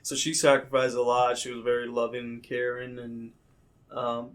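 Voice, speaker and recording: Relaxed guy on a podcast, coach, chill and laughs a lot. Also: mid-range voice, moderate pace. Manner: easygoing, laughs often. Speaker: podcast guest, sprint coach. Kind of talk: casual interview chat.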